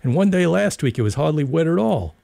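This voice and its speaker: A man's voice: fairly high pitch, very animated, a little fast, vocal fry, warm tone, no echo, voice pushed up, full character voice. A man reading aloud and voicing a playful young man in uniform who teases children with mock-serious jokes. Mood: teasing. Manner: joking, mock-serious banter.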